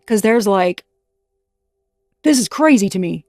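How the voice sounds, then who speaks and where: A woman's voice: mid-range voice, expressive, unhurried, pauses often, darkish tone, dry recording, studio quality, soft background music. Frank, emphatic woman tarot reader. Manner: emphatic and frank, with casual swearing. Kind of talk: casual tarot reading monologue.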